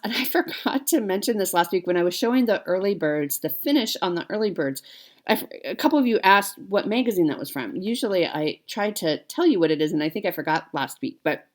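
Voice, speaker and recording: A woman in her forties chatting casually to viewers as a cross-stitch vlogger, rambling along with fillers and self-corrections. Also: medium pitch. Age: 40s.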